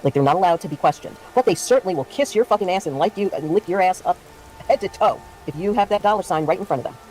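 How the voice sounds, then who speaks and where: A woman's voice: fairly low pitch, lively intonation, fast talker, a little mellow, slight background noise. Heated, foul-mouthed woman streamer. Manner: heated, profane, indignant ranting. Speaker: drama commentary streamer. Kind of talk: casual livestream commentary.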